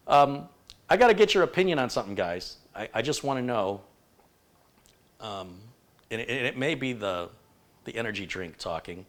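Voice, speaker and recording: A man hosting a casual livestream, joking and rambling as he reads out viewer greetings. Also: medium pitch. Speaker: livestream host.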